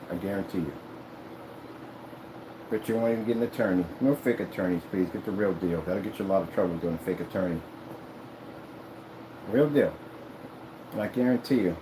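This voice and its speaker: A man's voice: fairly low pitch, noisy background. A man who makes screens and rants while he works, talking in a boastful, rambling, mocking way. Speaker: screen maker. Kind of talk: ranting vlog while working.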